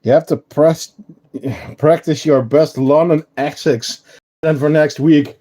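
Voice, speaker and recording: A man's voice: fairly high pitch, fairly even intonation, takes it slowly, warm tone. A man with a Dutch accent, chatting casually with live-stream viewers while showing his ant colonies, with frequent ums. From Netherlands.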